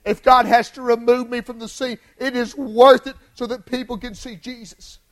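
A male preacher delivering an impassioned sermon in church, swinging from hushed lines to shouted ones. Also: extremely high pitch, level tone, normal speed, rough recording.

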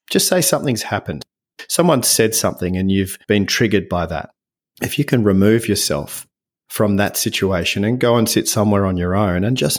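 A middle-aged man with a somewhat low voice speaks as a guest author in an interview. He talks in an earnest, gentle, reflective way. His stories come with lively energy.

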